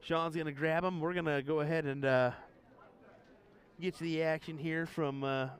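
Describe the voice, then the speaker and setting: A man doing live darts commentary with relaxed, easygoing banter. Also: a little high, normal speed.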